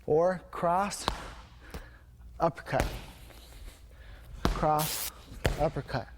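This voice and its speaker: A man teaching striking combinations as a martial arts instructor, demonstrating energetically and marking each punch with a sharp "bang". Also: on the high side, drawn-out words. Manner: energetic, punctuates moves with "bang". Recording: noisy gym recording.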